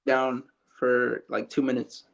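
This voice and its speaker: A man's voice: medium pitch, little pitch movement, takes it slowly, creaky, a bit bright, highs cut off. Laid-back man, casual chat. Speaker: guest co-host.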